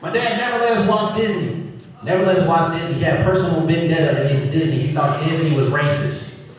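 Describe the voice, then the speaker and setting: A man's voice: on the high side, quick pace. A man performing a stand-up comedy set, telling stories with animation and acting out his family. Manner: animated storytelling, acts out family members. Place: comedy club stage. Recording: very echoey live room, distant mic, audience noise.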